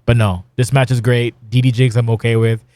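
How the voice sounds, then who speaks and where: A man's voice: mid-range voice, level tone, brisk, a little mellow, no echo. A middle-aged man hosting a casual podcast, rambling and swearing bluntly. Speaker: podcast host.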